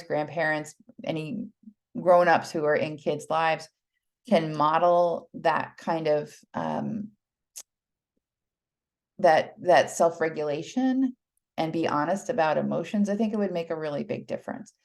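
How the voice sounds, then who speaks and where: A middle-aged American woman speaks with a low voice in a chatty, earnest way. She presents to an audience as a teacher and often pauses with fillers and restarts her sentences. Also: darkish tone. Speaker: presenter, children's mindfulness teacher. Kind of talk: casual public talk.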